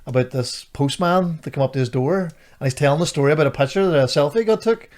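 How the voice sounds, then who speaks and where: Man, somewhat high voice, fast chat. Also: darkish tone. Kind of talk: casual podcast chat.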